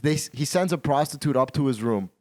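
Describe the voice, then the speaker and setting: Man, podcast host, casual chat, animated, repeats himself, swears. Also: mid-range voice, fairly quick. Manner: animated, repetitive, swearing freely.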